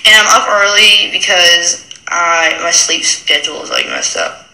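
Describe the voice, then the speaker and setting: A woman on a phone live stream, retelling a backstage clash to her followers in a rapid, animated way and mimicking the people involved. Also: lowish voice, gravelly, echoey room, rough recording. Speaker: reality TV personality speaking to followers. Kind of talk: casual storytelling on a live stream.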